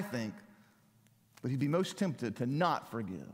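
A man preaching a sermon, emphatic, climbing to loud peaks and then dropping to quiet lines. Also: mid-range voice, very animated, unhurried, long pauses, husky. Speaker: pastor. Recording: long hall reverb.

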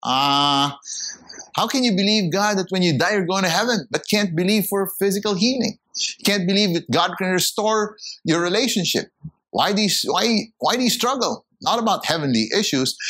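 A man preaching a sermon, emphatic, his voice climbing high when he acts out the people in his stories. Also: lively intonation, normal speed, fairly bright tone, breathy edge. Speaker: pastor.

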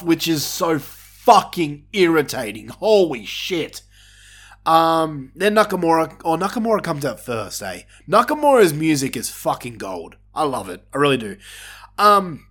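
A man talks through a wrestling event in a loose, unscripted review. His voice sits a little high for a man, and his delivery is sarcastic and full of casual swearing. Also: a bit bright.

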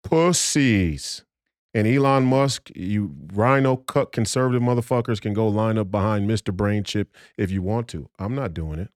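A man's voice: fairly low pitch, normal speed, few pauses, a little mellow, no echo, clean studio sound. A man talking as a podcast guest in a heated, profane rant, emphatic and combative, often restarting his sentences.

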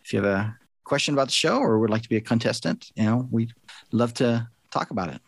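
A man's voice: mid-range voice, fast talker, creaky, husky, no room sound. A middle-aged man, a podcast host, chatting casually and telling an earnest story.

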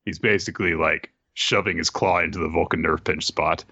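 A man's voice: sits low, a little fast, husky, no room sound. A man chatting casually as host, recapping a comic with wry asides, on a dull, dry lo-fi recording. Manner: animated, wry.

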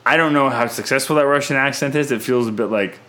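A man in a relaxed film talk, chatty and self-correcting as he works through his thoughts. His voice sits at an ordinary middle pitch, and his delivery is casual and conversational. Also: quick pace. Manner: chatty, thinks aloud with restarts. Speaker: podcast host, film reviewer. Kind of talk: casual film review chat.

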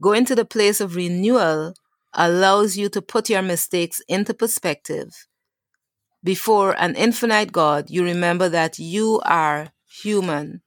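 A woman's voice: lowish voice, measured pace, dry recording, clean studio sound. A woman author and stress coach, a guest on a podcast, talking earnestly about rest and faith and reading from her book. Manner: earnest, faith-based, self-correcting.

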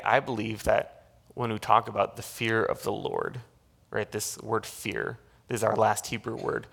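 Gravelly-voiced man preaching a sermon. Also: lowish voice. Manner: animated storytelling with frequent restarts and laughs. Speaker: pastor.

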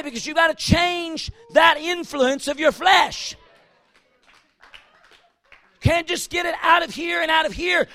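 A man's voice: very high voice, gravelly, sharp tone, no room sound, clean studio sound. A man preaching a fiery, emphatic sermon.

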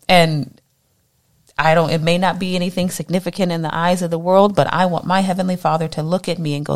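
A woman leading a morning Bible study, teaching with animated energy and acting out voices in her quotes. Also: fairly low pitch, a little fast.

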